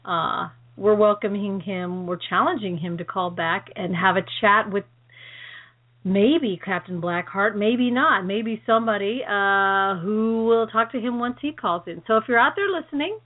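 A woman co-hosting a call-in internet radio show, chatting casually, excitable and quick to laugh. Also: medium pitch. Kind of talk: casual chat. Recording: phone-like band-limited audio.

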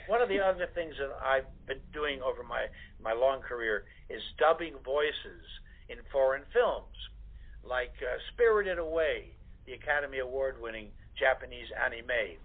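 A man's voice: medium pitch, animated, moderate pace. Older man telling stories over a phone line. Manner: rambling storyteller, many fillers. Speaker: guest actor. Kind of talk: casual interview anecdotes.

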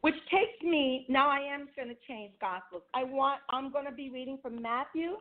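A woman's voice: high voice, normal speed. A woman giving a sermon, reading scripture aloud and asking her listeners rhetorical questions. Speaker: women's ministry speaker. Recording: tinny phone line.

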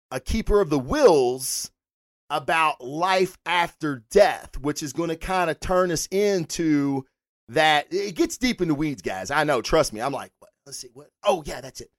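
A fan-show host rambles through a casual livestream, responding to viewers in chat as he goes. He is animated and swears a lot, his pitch swinging up and down with his energy. The sound is close and dry, with no room sound.

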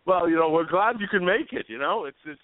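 Guy co-host soothing things over, high bouncy voice, phone-ish sound. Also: a little fast, dry recording. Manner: placating, plays the calm straight man. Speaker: radio co-host. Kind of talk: casual comedy banter. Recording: dry tinny phone-like sound.

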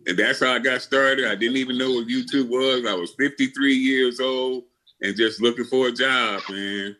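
A man's voice: medium pitch, fairly even intonation, normal speed, pushed and bright. An older man telling his story as a podcast guest, blunt and full of swearing, often restarting his sentences. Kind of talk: casual interview storytelling.

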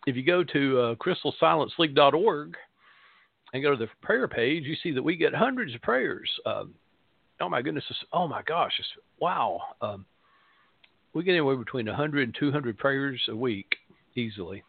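A middle-aged Southern American man talks loosely through his radio show, circling with fillers and wry jokes at his own expense. His voice sits at an ordinary pitch. It comes through a narrow, tinny line with a dry, close sound. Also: expressive, moderate pace, vocal fry, slightly rough, no room sound. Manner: rambling, many uh fillers, self-deprecating humor. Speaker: pastor hosting a spiritual radio show. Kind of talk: casual spoken radio monologue.

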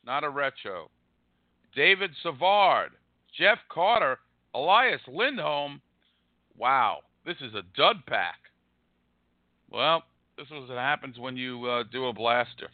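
A man hosting a live card-pack break, rattling off names with excited, wisecracking commentary. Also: mid-range voice, takes it slowly, long pauses, no room sound, narrow, tinny audio. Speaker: host opening card packs. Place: room across from an arena.

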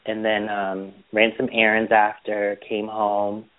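A man chatting casually as a podcast co-host, telling animated stories about his weekend. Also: on the low side, takes it slowly. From Boston area. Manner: chatty storyteller, animated retellings. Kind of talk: casual chat. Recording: tinny phone-line audio.

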